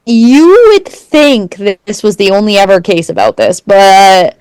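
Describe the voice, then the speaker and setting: A young woman in her twenties chats casually on a podcast, rambling through her stories with plenty of fillers. Her voice is smooth and clear, at a mid pitch, over a dry close mic. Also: animated, a little slow, a little mellow, dry recording. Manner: casual, rambling, full of likes and ums. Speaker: podcast co-host. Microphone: remote call mic.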